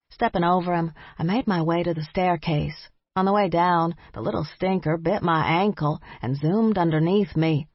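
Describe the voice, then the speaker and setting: A woman reads a first-person audiobook in a measured, wry storytelling manner. Her voice is husky and a bit low. The recording is dry and slightly muffled. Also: no room sound. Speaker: audiobook narrator. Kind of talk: first-person scripted narration.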